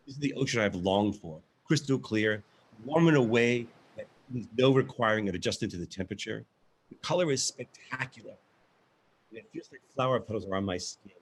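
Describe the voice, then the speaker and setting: A man's voice: on the low side, fairly quick, slight background noise. A man performing a first-person monologue as a live theatrical reading, telling his story expressively.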